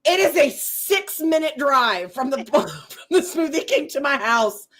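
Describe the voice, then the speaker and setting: Woman co-host, slightly high voice, lively storyteller for a casual live chat. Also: unhurried. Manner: lively storyteller, acts out dialogue.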